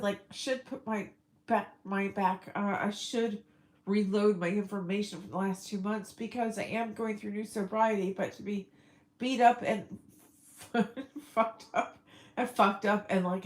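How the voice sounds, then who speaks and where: A woman's voice: medium pitch, steady tone, normal speed, poor audio. A middle-aged woman rambling through a casual personal vlog, emotional and breaking into laughs. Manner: rambling, emotional, laughs often mid-sentence. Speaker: vlogger.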